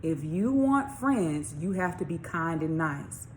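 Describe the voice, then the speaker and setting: A woman reading aloud, voicing a caring mother who is patient and gently firm with her young son. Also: deep voice, lively intonation, slow pace, slight background noise.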